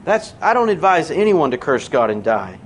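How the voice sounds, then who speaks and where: A man preaching a sermon in a church, conversational and earnest, slowing down to stress key words. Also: a little high, sing-song, a little hiss or hum.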